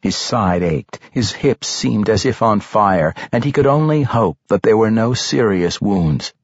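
A man reading a fantasy novel aloud as an audiobook narrator, with a dramatic, expressive delivery. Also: lowish voice, a little slow, no echo. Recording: dry, slightly dull studio recording.

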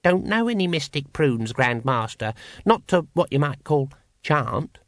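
A man's voice: fairly high pitch, very animated, unhurried, dry recording, clean studio sound. A man voicing a small male cult member who mutters earnestly. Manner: mumbling, earnest.

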